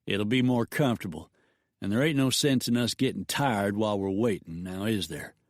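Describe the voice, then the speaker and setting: A man voicing a menacing outlaw leader who makes slow, drawling threats. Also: lowish voice, no echo, clean studio sound, natural voice.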